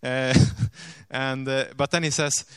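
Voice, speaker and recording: Earnest man telling a story, smooth voice. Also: mid-range voice, little pitch movement, slow, no room sound. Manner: earnest, full of "you know" fillers; drops to a hushed voice at grave moments. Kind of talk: sermon storytelling.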